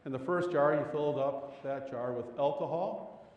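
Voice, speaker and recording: Preaching at a moderate pace, this pastor tells stories in his sermon and presses rhetorical questions, his pitch climbing as the emphasis builds. The lo-fi audio is roomy, with a long reverb tail.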